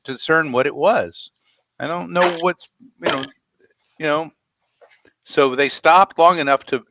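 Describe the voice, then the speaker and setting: Middle-aged male co-host, wordy and repetitive, sharp bright tone, dead-dry mic. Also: fairly high pitch, no echo, lo-fi sound. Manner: wordy, stumbling, repeats himself. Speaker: podcast co-host. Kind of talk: casual chat.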